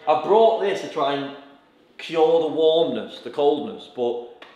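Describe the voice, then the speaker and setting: A man's voice: a little high, lively intonation, unhurried, mellow, lo-fi sound. A young man playing a football video game, chatty and a little smug with his friends. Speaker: gaming video presenter. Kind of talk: casual banter over video games. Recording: echoey room.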